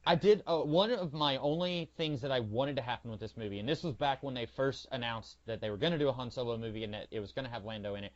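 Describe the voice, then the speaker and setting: A man's voice: medium pitch, fast talker, few pauses. Chatty man, muffled lo-fi podcast sound. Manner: chatty, lots of "like" and "um", animated retellings. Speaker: podcast co-host. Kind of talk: casual chat.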